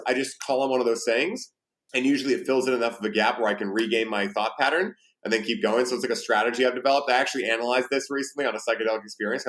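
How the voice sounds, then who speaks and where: Fast-talking male podcast host. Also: medium pitch, a bit bright. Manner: quick, chatty, swears casually. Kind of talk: casual interview chat.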